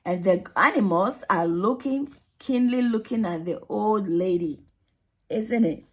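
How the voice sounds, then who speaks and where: A woman's voice: medium pitch, a little slow. A woman who hosts her own channel, explaining storytime techniques to early years practitioners and often ending with "isn't it?". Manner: explanatory, asks tag questions.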